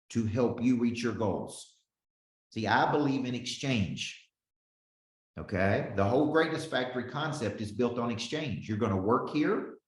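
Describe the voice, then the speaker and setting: A man in his forties coaching a live business webinar, speaking at a middle pitch with plenty of energy. He calls on listeners by name and keeps checking in with "okay?" His voice carries a roomy echo. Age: 40s.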